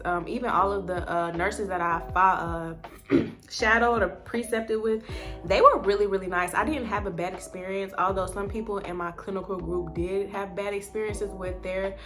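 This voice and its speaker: A woman's voice: mid-range voice, moderate pace, fairly bright tone, faint music behind. A woman chatting casually as a nursing student vlogger, full of "like" and "um". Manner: chatty, leans heavily on "like" and "um". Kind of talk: casual chat.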